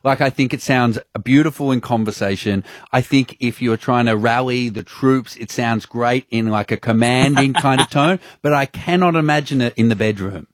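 A man with an Australian accent co-hosting a radio show, asking jokey, animated questions. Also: mid-range voice, moderate pace, few pauses, no echo. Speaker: radio co-host. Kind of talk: radio interview.

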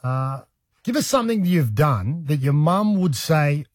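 Australian man, radio host, slightly high, husky, dry studio sound, teasing banter. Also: measured pace, dry recording. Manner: teasing, repeats himself when excited. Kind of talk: casual breakfast radio banter. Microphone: studio mic.

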